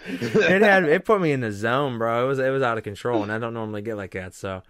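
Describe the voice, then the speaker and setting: A man's voice: mid-range voice, quick pace, fairly bright tone, clean tone, no room sound, clean studio sound. A young man hosting a podcast, telling a rambling story with profanity and lots of restarts. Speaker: podcast host. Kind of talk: casual storytelling chat.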